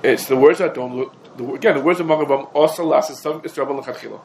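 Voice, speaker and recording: A man teaching a Torah class, talking quickly and emphatically, his explanations dense with Hebrew and Aramaic legal terms. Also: mid-range voice, creaky, a little mellow, slight background noise, low-quality recording. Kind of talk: rapid halachic lecture.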